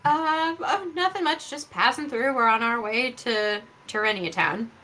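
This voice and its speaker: Woman player in a tabletop game: a bit high, bright, chatty and hesitant. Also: unhurried, a little hiss or hum. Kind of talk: casual tabletop role-play.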